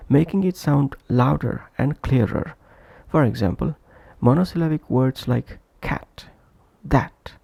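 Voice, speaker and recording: A man teaches English pronunciation in a slow, deliberate lesson narration, repeating each example word to model its stress. His voice is heavily gravelly and dark in tone. The recording is dry and close, with no room sound. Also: medium pitch, no echo.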